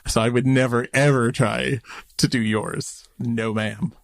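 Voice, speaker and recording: A man's voice: mid-range voice, steady tone, measured pace, gravelly, no echo, studio quality. A man co-hosting a podcast in casual chat, good-humored and teasing, who explains things at length. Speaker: podcast co-host.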